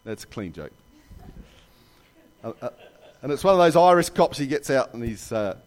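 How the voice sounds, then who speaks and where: A man preaching a sermon in a church, telling jokes and stories with lively asides. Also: mid-range voice, moderate pace. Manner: animated storytelling with jokes and asides. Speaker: pastor.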